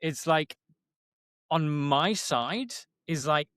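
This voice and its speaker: A man who is a guest on a podcast talks in a halting, wry way with many restarts. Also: fairly high pitch, lively intonation, fairly bright tone, smooth, no room sound, studio quality. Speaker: guest, relationship educator. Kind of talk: casual podcast chat.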